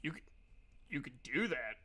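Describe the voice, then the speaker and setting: A man's voice: mid-range voice, sing-song, moderate pace, bright, forceful tone, breathy edge, voice pushed down, exaggerated voice. A man voicing a plain, puzzled male warrior who carries a warhammer, speaking with bemused questions.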